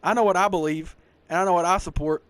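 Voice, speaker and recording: A man in his twenties with a thick Southern US accent hosts a casual podcast. He rambles and swears freely, tossing in "bro" and "dog" constantly. His voice runs a bit high for a man. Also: fairly even intonation, fast talker, fairly bright tone, no room sound. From American South. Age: 20s. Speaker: podcast host. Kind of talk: casual chat.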